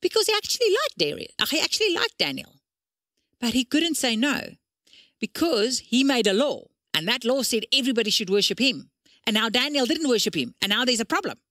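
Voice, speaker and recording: A woman gives a children's church lesson, reading the story aloud and explaining it. Her voice sits a little high and jumps about a lot as she tells the story. The sound is dry and close. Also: fairly quick, no echo. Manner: animated, expressive storytelling.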